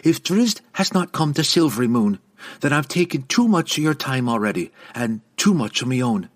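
A man's voice: medium pitch, lively intonation, slow, husky, pitched above the performer's own voice. A man voicing a fiery, blunt young woman warrior who speaks curtly in dialect with dropped g's. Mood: fierce, curt.

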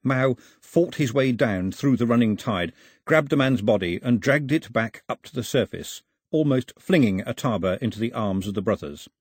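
A male audiobook narrator with a husky, slightly breathy tone and lively pitch that rises and falls with the story. The recording is close and dry. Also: moderate pace, dry recording. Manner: expressive storytelling.

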